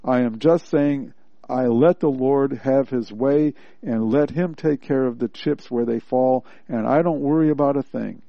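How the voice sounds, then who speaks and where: A man's voice: mid-range voice, measured pace, gravelly, dry recording. Earnest male preacher, plain-spoken devotional teacher, close and dry on a muffled lo-fi track. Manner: earnest, plainspoken, repeats points for emphasis. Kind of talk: devotional teaching, reading and explaining a text. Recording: dry, slightly dull lo-fi recording.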